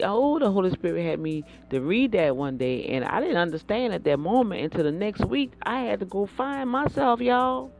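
A woman giving a fervent, preacherly faith talk, repeating words and breaking into bursts of excitement. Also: medium pitch, vocal fry. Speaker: inspirational speaker.

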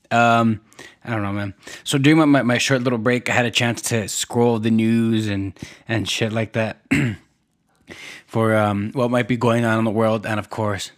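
A young man hosting a solo podcast, ranting in a rambling, profane way with many restarts and fillers. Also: mid-range voice. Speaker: podcast host.

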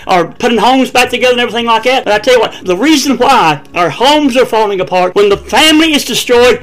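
A fervent preacher with a high, bright voice, delivering a sermon. He swings from ringing cries to low murmurs, speaking.

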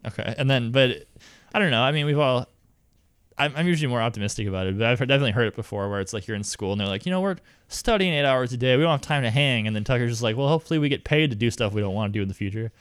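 A man's voice: mid-range voice, racing, clear, resonant tone, no room sound. Chatty man with a dry close sound. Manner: chatty, laughs often, quotes characters. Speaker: podcast co-host. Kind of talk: casual podcast chat.

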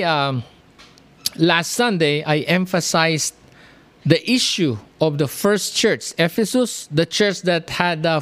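With a medium-pitched voice, a preacher delivers a sermon, reading scripture verses slowly with lifted emphasis. He then explains them using rhetorical questions and asides to the congregation.

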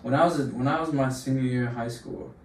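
A man's voice: medium pitch, fast talker, vocal fry, a little mellow. A young man in casual podcast chat, telling long fired-up stories full of slang. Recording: roomy room, distant mic, faint hum.

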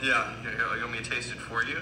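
A man's voice: mid-range voice, level tone, very fast, echoey room, background noise. A man appearing as a guest on a podcast, chatting casually and giggling while tasting whiskey.

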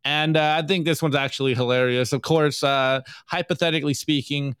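Excitable podcast host, dry close sound. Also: male voice, on the high side, fairly quick, smooth, no room sound. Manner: excitable, loose, swears, laughs a lot. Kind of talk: casual meme review chat.

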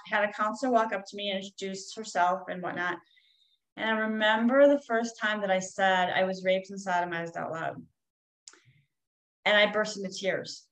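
A woman's voice: mid-range voice, fairly bright tone, rough recording. A woman, a coach, telling a personal story in a candid, rambling way with frequent fillers.

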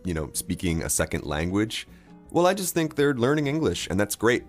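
A man co-hosting a casual chat, explaining things in a relaxed, easygoing way. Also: lowish voice, moderate pace, faint music behind. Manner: relaxed, explains with everyday examples. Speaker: co-host.

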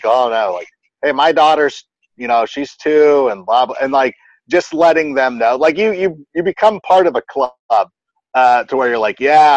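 A man in his thirties, a guest parent giving advice, chats casually in an interview about parenting as an animated storyteller who acts out quotes and leans heavily on "like" as a filler. His voice is mid-range, with no echo but poor audio quality.

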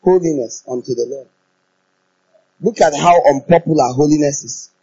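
A man preaching a sermon in an animated, playful way, often laughing and leading the congregation in chanting. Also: on the high side, normal speed, slightly rough, dull audio.

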